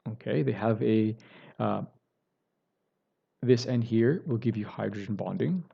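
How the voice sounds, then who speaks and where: Male chemistry teacher, lowish voice, recorded lecture with a muffled computer mic; talks through steps, checks in with the class. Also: measured pace, creaky, husky. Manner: explains step by step, self-correcting, many "right?" and "okay" checks.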